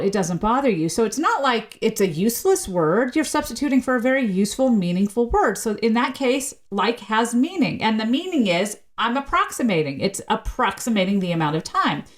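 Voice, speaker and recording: A woman speaking as a linguist guest in a casual podcast interview, explaining with lively pitch changes and shifting pace. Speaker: university teacher.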